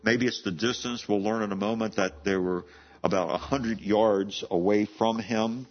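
A man's voice: on the low side, steady tone, normal speed. Man, preacher, sermon, stumbles and repeats words, muffled lo-fi sound. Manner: repeats words and restarts often, conversational. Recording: dull lo-fi sound.

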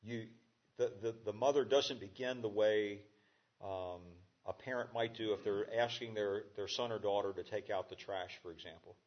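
A man preaching a conversational sermon as a pastor, halting with fillers and restarts. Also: fairly low pitch, steady tone, lo-fi sound.

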